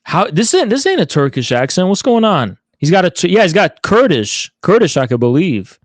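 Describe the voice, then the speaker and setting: Brash debate host, male, mocking and slangy, somewhat high voice. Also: big pitch swings, normal speed, dry recording. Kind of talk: heated online debate.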